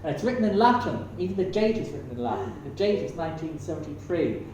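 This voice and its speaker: A man's voice: fairly high pitch, sing-song, quick pace, darkish tone. An Irish man in his sixties doing rambling, self-mocking stand-up comedy on a small stage. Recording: echoey room, distant mic, faint hum.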